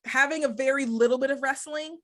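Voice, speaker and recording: A woman's voice: high voice, a little fast. A woman hosting a podcast interview, chatting casually with a candid, self-deprecating humor and frequent laughter. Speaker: podcast host.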